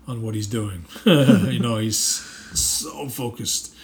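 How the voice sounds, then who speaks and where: A man's voice: lowish voice, slow pace, few pauses. A man being interviewed as an actor, chatting casually with many fillers and restarts and bursts of emphatic enthusiasm. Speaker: actor guest.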